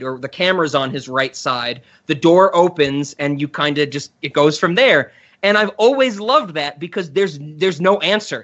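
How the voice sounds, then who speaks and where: Male podcast host, casual chat, enthusiastic, rambling, slightly high voice, muffled audio. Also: bright, forceful tone. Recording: dull lo-fi sound.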